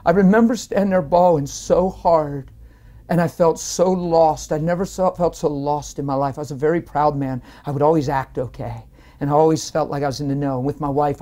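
Guy sharing his testimony, mellow tone, earnest and fired up at times. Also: a little high. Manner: earnest, animated storytelling with surges of feeling. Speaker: guest telling his testimony. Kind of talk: emotional personal testimony.

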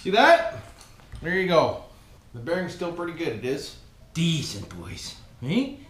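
In this casual workshop vlog, a Canadian host rebuilds an engine, calling viewers "boys" and cursing often in a homespun manner. His fairly high voice has huge pitch swings and a measured pace, set against an echoey room with loud tool clatter.

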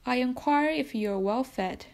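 A brusque official inspector who brushes the prisoner off, curt and impatient, read aloud by a woman. The tone is hushed, a touch high, with a slight rasp in it. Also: moderate pace.

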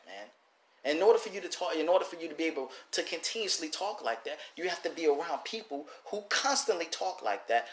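A man selling oils who gives an animated, casual motivational lesson, often repeating and restarting his phrases. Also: on the high side, reverberant. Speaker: oil seller teaching a lesson. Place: works in Detroit.

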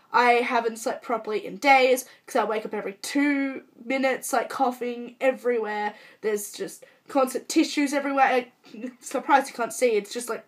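A young woman sick with a cold, talking to camera at home in a chatty, self-mocking and dramatic way, her voice hoarse. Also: a little high. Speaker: vlogger. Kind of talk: casual chat to camera.

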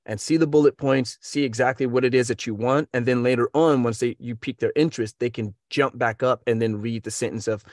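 Energetic coach from the US, mid-pitched man, dry close recording, tosses in playful sound effects. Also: fairly quick, few pauses, dry recording. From United States. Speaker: voiceover coach. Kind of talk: casual advice.

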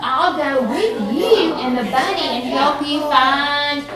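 A cheeky, playful bumblebee, as a woman reads it aloud, with a high voice. It echoes in a big room, picked up from far off, with children all around. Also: slow, a loud crowd.

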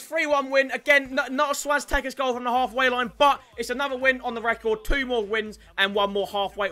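A man giving excitable live commentary on his own gameplay, shouting and groaning at each play and talking to his viewers. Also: high voice. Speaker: gaming YouTuber.

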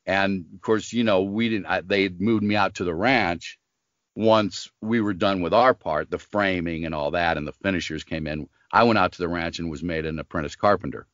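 In a dull recording with no room sound, a low-pitched older man talks at normal speed. He's a smoking voice actor guesting on a casual interview, lively in his storytelling and playing out each person's voice.

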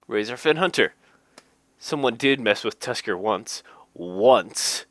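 A man's voice: mid-range voice, expressive, slow, fairly bright tone, no room sound. A man casually reading game card text aloud, cracking jokes, laughing at them, and adding dry asides. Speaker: gaming YouTuber reading card flavor text.

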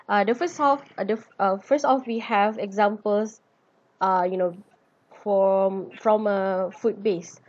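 Young woman doing a class talk, slow and hesitant, kinda breathy, dull lo-fi recording. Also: medium pitch. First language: Malay. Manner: hesitant, many ums and restarts. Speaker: student presenter. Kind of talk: class presentation.

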